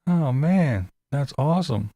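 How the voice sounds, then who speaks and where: A man's voice: fairly high pitch, lively intonation, unhurried, mellow. A man hosting a casual livestream, greeting viewers by name and chatting loosely. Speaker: livestream host.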